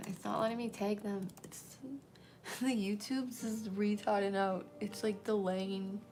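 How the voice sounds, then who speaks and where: A woman's voice: mid-range voice, little pitch movement, slow pace, darkish tone, faint music behind. A woman chatting casually on a livestream as host, rambling, often dropping to a whisper and giggling.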